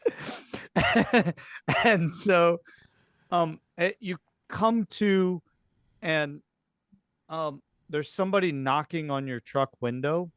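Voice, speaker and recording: Smooth-voiced man running a horror game. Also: fairly high pitch, takes it slowly, pauses often, a bit bright, dry recording, studio quality. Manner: hesitant, many fillers and restarts. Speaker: game master. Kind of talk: narrating a tabletop game.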